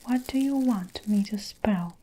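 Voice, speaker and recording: A woman's voice: mid-range voice, dark tone, slight background noise, lightly acted, rough recording. A woman whispering as a nervous little schoolboy. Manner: nervous, quick answers. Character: small nervous schoolboy, eager and frightened. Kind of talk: whispered role-play.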